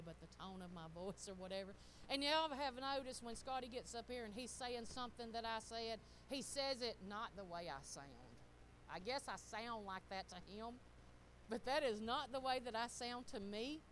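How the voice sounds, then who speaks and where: Lively woman preaching casually. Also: a little high, slight background noise, poor audio. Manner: animated, laughing, talks straight to the congregation. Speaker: pastor's wife. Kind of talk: casual sermon storytelling.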